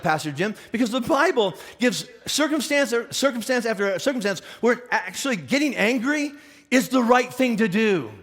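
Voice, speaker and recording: Animated man preaching a lively sermon. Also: very high-pitched. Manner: animated, conversational, many restarts and acted questions. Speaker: pastor.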